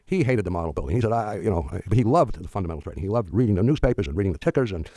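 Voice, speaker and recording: An older man speaks quickly in a fairly low voice, telling rambling stories to an audience. His talk is full of restarts and asides, with a dry sense of humor. The sound is dry and close. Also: big pitch swings, warm tone, no room sound. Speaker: firm founder telling stories.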